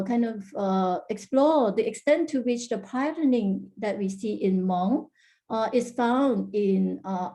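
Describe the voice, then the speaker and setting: Delivering an academic conference presentation at an online workshop, a woman walks through her linguistics research with careful explanation. Her mid-range voice has a dark tone, and her speech is full of hesitations, restarts and frequent "uh" fillers.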